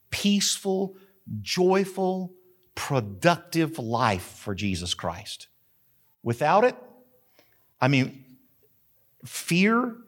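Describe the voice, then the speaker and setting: A middle-aged man preaching a sermon as pastor, emphatic, drawing out key words. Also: a little high.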